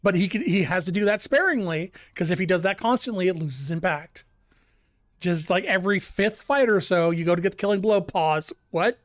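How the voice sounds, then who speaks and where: A game streamer rambles through live commentary, often restarting sentences and breaking into laughter. The voice sits at a middling pitch. The recording is dry and close, with no room sound. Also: fairly quick, no echo.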